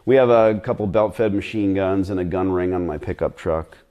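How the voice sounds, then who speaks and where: A man's voice: low-pitched, normal speed, dark tone. A middle-aged man chatting bluntly and ramblingly as a guest on a live stream Q&A.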